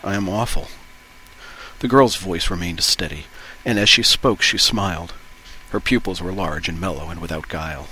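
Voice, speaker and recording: A man reading book passages aloud in a steady, even way. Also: low voice, moderate pace, a little hiss or hum, poor audio. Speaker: reader of book excerpts.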